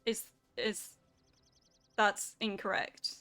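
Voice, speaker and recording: A woman's voice: mid-range voice, lively intonation, very slow, bright, forceful tone, soft background music. A woman streamer chatting casually with her viewers while she plays a game, reacting animatedly to their comments. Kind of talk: casual gameplay chat with chat.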